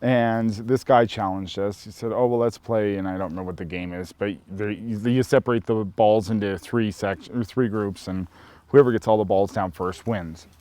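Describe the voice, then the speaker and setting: A man from Montana casually telling a personal story in a relaxed, rambling way, full of "you know" fillers. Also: lowish voice, normal speed, no room sound. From Helena, Montana. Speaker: storyteller sharing his coming-out experience.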